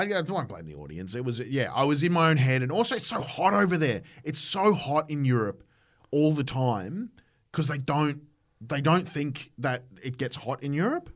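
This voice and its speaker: A man's voice: on the high side, sing-song, normal speed, a bit bright. An Australian man, a comedian hosting a podcast, telling a rambling story in casual chat with lots of restarts. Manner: rambling anecdotes with restarts and mimicked voices.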